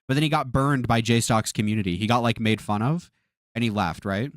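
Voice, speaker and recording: A man's voice: medium pitch, fairly quick, no room sound, clean studio sound. A man streaming a reaction, exasperated, swearing often and repeating himself. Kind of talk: live-stream reaction commentary.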